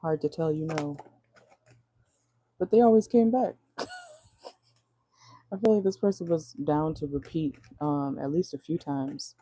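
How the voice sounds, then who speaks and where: Dark-voiced chatty woman reading tarot. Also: deep voice, steady tone, unhurried, pauses often, husky. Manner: chatty and blunt, laughs often, swears freely. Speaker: tarot reader. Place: in a car.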